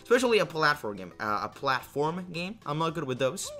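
A man's voice: fairly high pitch, very animated, fairly quick, a bit bright, soft background music. A young man casually commenting while playing a video game, rambling and joking about himself, with lots of fillers. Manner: rambling, self-deprecating, many fillers and restarts. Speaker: let's play host.

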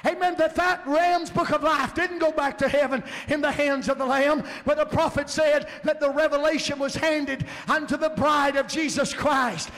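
A man preaching a sermon in a church, fervent and building to emphatic shouts. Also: very high voice, steady tone, normal speed, few pauses. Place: church sanctuary. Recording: long church hall reverb.

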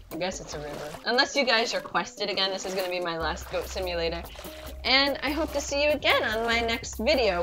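A woman hosting a gaming channel, giving excitable, swear-filled commentary on her own gameplay with sudden squeals. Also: mid-range voice. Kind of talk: let's play commentary.

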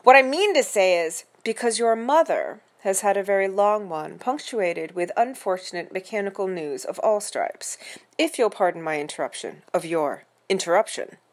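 A woman's voice: mid-range voice, expressive, lightly acted. A woman doing a pompous, stiff butler. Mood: stiffly formal. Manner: formal, measured, slow and precise diction. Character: stiff, pompous middle-aged male English-style butler.

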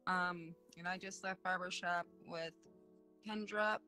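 A woman's voice: fairly low pitch, fairly even intonation, a little slow, pushed and bright, faint music behind. A woman playing a game with friends, eagerly working out plans and calling teammates. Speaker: player. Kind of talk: casual gaming chat.

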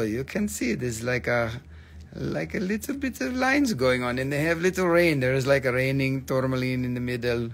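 A man's voice: medium pitch, expressive, moderate pace, gravelly. A man hosting a casual live stream that sells crystals, joking, rambling and swearing as he talks.

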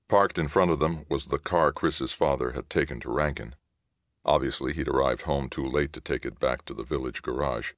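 A man reading a novel aloud as a steady audiobook narrator. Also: rumbling low, no echo, studio quality. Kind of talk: scripted narration.

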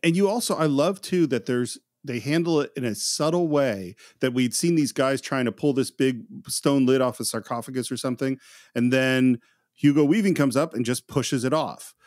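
A man co-hosting a film podcast, recounting scenes in detail in a lively, casual way. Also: mid-range voice, normal speed, no echo, studio quality. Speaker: podcast co-host.

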